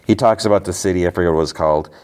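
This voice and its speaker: Rapid-fire and clear, this podcast host's low voice is a little mellow with a resonant tone. He rambles casually through recaps of TV episodes, peppering everything with "like."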